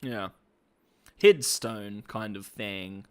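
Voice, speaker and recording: A man's voice: fairly low pitch, very slow, a little mellow, clean tone. A man hosting a casual commentary vlog, rambling with slang, fillers and restarts. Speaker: host.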